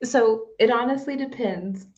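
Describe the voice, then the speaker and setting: A woman's voice: fairly high pitch, unhurried. Young american woman guest, storytelling, does the voices, kinda muffled lo-fi call audio. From United States. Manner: lively storyteller who acts out quoted voices. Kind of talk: casual interview chat. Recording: dull lo-fi audio.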